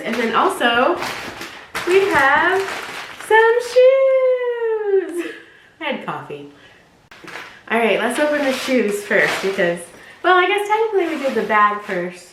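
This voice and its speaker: A woman's voice: high-pitched, a bit bright, roomy sound, a little hiss or hum, low-quality recording. Bubbly woman with a stuffy nose. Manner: bubbly, giggly, rambling. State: stuffy, nasal from allergies. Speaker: vlogger reviewing a clothing box. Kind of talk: casual chatty unboxing.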